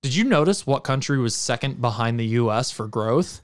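An American man co-hosting a podcast, chatting loosely and cracking jokes. His voice is smooth and resonant, sitting at an ordinary middle pitch, and he swears and laughs freely. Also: lively intonation, normal speed. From United States, New York area. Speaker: podcast co-host. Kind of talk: casual chat.

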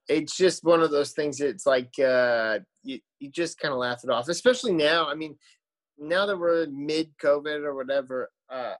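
A man's voice: a little high, fairly bright tone. A man, a musician guest, telling tour stories in casual podcast chat, rambling with lots of fillers and restarts.

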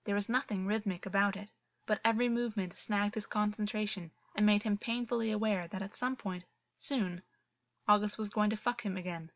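A woman narrating a story as an audiobook reader, with a steady, even reading delivery. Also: medium pitch, fairly quick, dull audio. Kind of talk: scripted narration.

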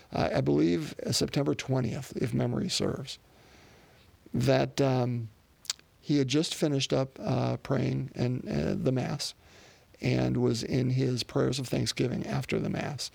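A man's voice: medium pitch, creaky, darkish tone, slightly rough, no room sound. A man preaching a sermon off the cuff, with plenty of fillers and restarts. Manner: unscripted, many fillers and restarts.

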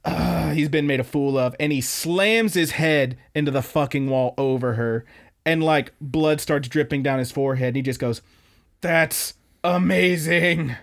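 A man's voice: medium pitch, normal speed. Casual young man recapping anime. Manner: loose, swearing, filler-heavy storytelling. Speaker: podcast host.

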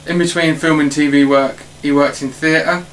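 A man hosting a casual film podcast, reading out facts in a halting way with many fillers. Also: on the high side, steady tone, a bit bright, a little hiss or hum, low-quality recording. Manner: halting, filler-heavy delivery. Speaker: podcast host.

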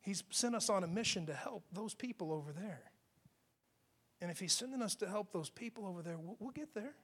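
A man preaching, voicing a gentle, compassionate teacher who reassures his friends in a soft, hushed voice. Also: high voice, lively intonation, a little fast, exaggerated voice. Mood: gentle reassuring. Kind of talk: acted quote in a sermon.

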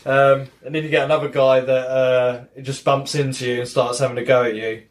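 A man's voice: medium pitch, level tone, a little fast. A man hosting a casual gaming podcast, rambling through stories with plenty of swearing. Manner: rambling retelling with swearing and acted-out quotes. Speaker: podcast host.

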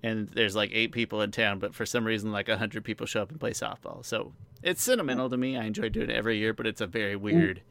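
A man's voice: lowish voice, fast, vocal fry, few pauses, fairly bright tone. A man hosting a casual podcast chat, rambling and joking with his co-host. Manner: rambling, joking, self-deprecating asides.

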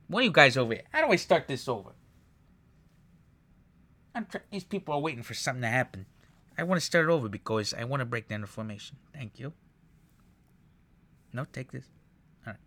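A man breaking down football highlights in a casual, profane, exasperated rant. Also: fairly bright tone, no echo. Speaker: sports commentator reacting to highlights.

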